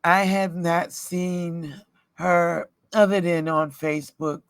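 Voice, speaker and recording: A middle-aged woman telling a personal story in a casual storytime vlog, rambling and halting, often breaking into laughter. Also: lowish voice, fairly even intonation, no room sound. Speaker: roadside assistance worker.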